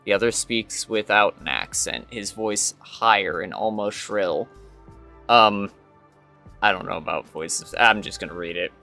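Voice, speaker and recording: Low-voiced man reading a game quest. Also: measured pace, creaky, sharp tone, soft background music. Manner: reads second-person story text, with hesitant fillers. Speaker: streamer.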